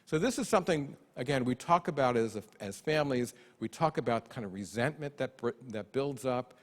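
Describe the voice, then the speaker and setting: A man's voice: mid-range voice, fairly quick. Man speaking in an echoing hall. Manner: lively, self-deprecating humor, acts out parents' voices. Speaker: conference speaker. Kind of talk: conference keynote talk. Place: large conference hall. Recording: long hall reverb.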